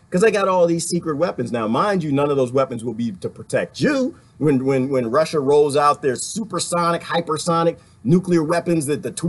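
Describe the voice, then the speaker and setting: A middle-aged man hosting casual commentary, laughing often and mocking others by putting on voices. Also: a little high. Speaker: political commentary host. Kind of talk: casual live-stream commentary.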